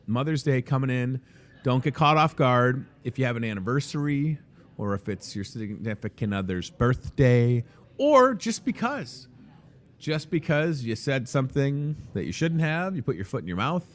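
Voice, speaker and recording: A man's voice: medium pitch, fairly bright tone. A man hosting a casual live show from inside a grocery store, joking and rambling in an upbeat way. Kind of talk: casual live promo chat.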